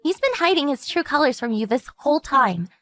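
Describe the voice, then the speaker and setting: A woman voicing a composed woman calmly explaining her sister's husband's dark past in a measured storytelling manner. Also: high voice, soft background music. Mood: steady. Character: calm woman warning her sister about a stalker ex. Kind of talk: animated story narration.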